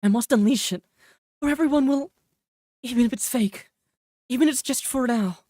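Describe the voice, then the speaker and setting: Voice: high voice, moderate pace, darkish tone, no echo, clean studio sound, voice pushed up. A streamer with a northern English accent voicing an earnest, loyal young female knight from a game, with strained, pushed cries. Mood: desperate.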